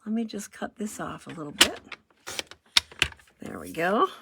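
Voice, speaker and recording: A woman's voice: mid-range voice, very animated, measured pace, vocal fry, very noisy. A woman running a casual crafting demo, chatty and self-deprecating, thinking aloud as she works. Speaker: craft demonstrator.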